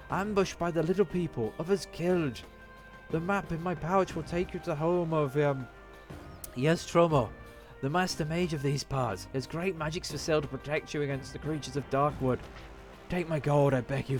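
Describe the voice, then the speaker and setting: A man's voice: fairly high pitch, close to an everyday voice. A man voicing a delirious, dying old male dwarf warrior who pleads urgently in a raised voice.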